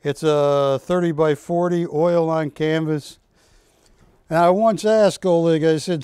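A man's voice: on the high side, steady tone, takes it slowly, warm tone, clear, resonant tone, no room sound, studio quality. A man hosting a live shopping broadcast, chatty and enthusiastic, telling anecdotes about the art he presents. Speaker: shopping channel host.

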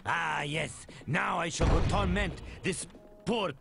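A man's voice: a little high, takes it slowly, background noise. A man playing an unhinged soldier ranting in a video game. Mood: manic. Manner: gravelly, manic, ranting.

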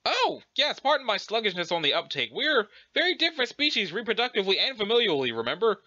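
A proper, formal young alien lady who picks her words with great care, voiced by a man in a webcomic reading, sitting high in pitch and swinging lively through her phrases. The tone is bright and forceful, and the recording sounds dull and lo-fi. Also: fast, exaggerated voice. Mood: flustered, polite. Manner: prim, formal, fussily polite.

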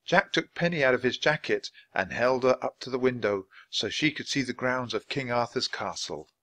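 A man reading a children's chapter book aloud clearly and expressively at a natural pace. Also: mid-range voice, lively intonation, moderate pace, a bit bright, no room sound. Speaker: storybook reader.

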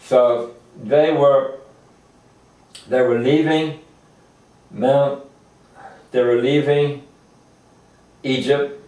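An older man giving an informal Torah lesson, halting often with fillers and restarts as he explains verses. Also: mid-range voice, steady tone, warm tone. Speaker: Torah teacher. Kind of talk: informal religious lecture. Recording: echoey room, distant mic.

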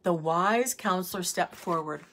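A woman reading a children's storybook aloud in a measured, expressive way. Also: lowish voice.

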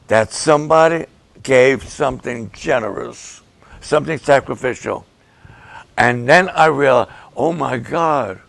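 A male pastor preaching to the camera, slow and emphatic, repeating key phrases for weight. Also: on the high side, creaky, fairly bright tone, dry recording. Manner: slow, deliberate, emphatic with repetitions.

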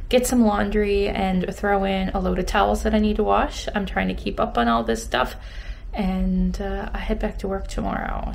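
A woman's voice: mid-range voice, vocal fry, a little hiss or hum. A woman in her thirties chatting casually at home for her vlog, with frequent laughs and fillers. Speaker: vlogger, teacher. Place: home, indoors.

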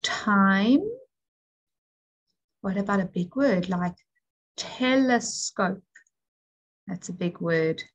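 A woman teacher giving an early literacy lesson to young children, speaking clearly and encouragingly with call-and-response prompts. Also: on the low side, steady tone, normal speed, few pauses, a little mellow, low-quality recording.

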